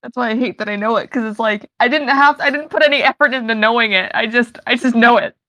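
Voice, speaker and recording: A woman's voice: fairly high pitch, fast talker, a bit bright, no echo. A woman chatting casually on a live game stream, rambling with lots of fillers and casual swearing. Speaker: tabletop game player.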